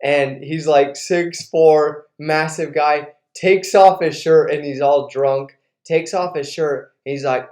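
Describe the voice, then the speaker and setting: Male host, casual and animated, recorded in a roomy space. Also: a little high, takes it slowly, hardly any pauses. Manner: animated storyteller, lots of fillers. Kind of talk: casual interview storytelling. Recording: roomy echo.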